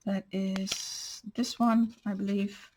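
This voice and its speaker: Slow-talking woman showing her crafts. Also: mid-range voice, level tone, darkish tone, a little hiss or hum. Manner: patient step-by-step explaining, holding up each piece. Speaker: craft channel host. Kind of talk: crafting show-and-tell.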